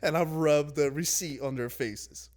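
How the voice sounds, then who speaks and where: High-voiced young man ranting. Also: unhurried. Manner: exasperated, rambling, swaps swears for "flipping". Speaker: vlogger. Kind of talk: casual ranting monologue.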